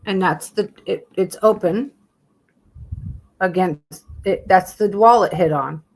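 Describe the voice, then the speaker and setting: A woman talks casually on her live stream, blunt and quick to swear. She mutters to herself as she reads text from her phone aloud. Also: on the low side, a little mellow.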